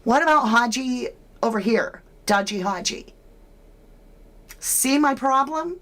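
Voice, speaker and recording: A woman hosts a true crime livestream, greeting her viewers and giving her opinions in a casual, chatty way. Her voice sits a little high, and she talks at an unhurried, drawn-out pace. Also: animated, a bit bright.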